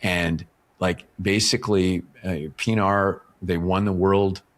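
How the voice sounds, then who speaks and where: A middle-aged man, his voice sitting very low. He talks casually as an interview guest, unfolding his points through anecdotes and checking in with the listener as he goes. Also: level tone, slow. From Canada. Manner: explains with stories, often checks in with "right?". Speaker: author and professional speaker, podcast guest.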